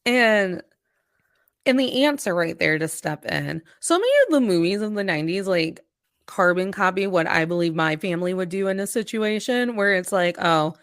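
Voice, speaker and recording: A woman's voice: medium pitch, normal speed, dry recording. Woman guest on a chill podcast, laughs a lot, whispers the juicy bits, dry close mic. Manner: animated, laughs often, drops to a hushed whisper for asides. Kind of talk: casual podcast chat.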